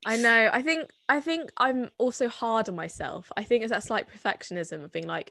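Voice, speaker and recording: A woman's voice: on the high side, a little fast, few pauses, a bit bright, no room sound, studio quality. A woman in her twenties with a Somerset accent, chatting in a rambling, filler-heavy way as a guest in conversation. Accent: Somerset English. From Somerset, England. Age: 20s. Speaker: guest, singer-songwriter. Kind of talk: casual conversation.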